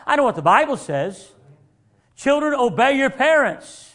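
A man preaching a sermon, animated and acting out the voices he quotes, sometimes rising to shouts. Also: very high voice, moderate pace.

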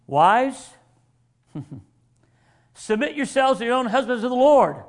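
A man preaching a sermon, animated and acting out the voices he quotes, sometimes rising to shouts. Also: very high-pitched, slow, pauses often.

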